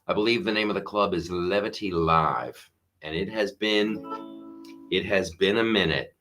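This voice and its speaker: A middle-aged man holds forth in a loose, rambling comedy monologue, often restarting his sentences. His voice is bright and forward, and his tone stays sarcastic and offhand. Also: low-pitched, moderate pace, soft background music. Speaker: comedian podcast host. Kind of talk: casual monologue.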